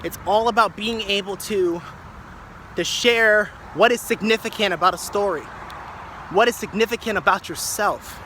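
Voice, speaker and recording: A man's voice: sits high, normal speed, bright, forceful tone, slight background noise. A man musing aloud in a loose, improvised reflection, playing with words and often restarting his phrases. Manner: wordplay-driven musing with restarts and repetition. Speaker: speaker sharing reflections.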